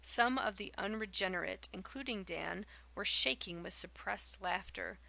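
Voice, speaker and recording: A woman reads an audiobook in a measured, literary storytelling style. Her voice carries a gravelly texture and a bright, sharp tone. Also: mid-range voice, rough recording. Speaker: audiobook narrator. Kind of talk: scripted narration.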